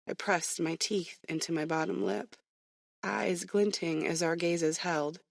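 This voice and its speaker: Low-toned playful female narrator. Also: fairly even intonation, unhurried, gravelly, no room sound, studio quality. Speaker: audiobook narrator, author. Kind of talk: first-person audiobook narration.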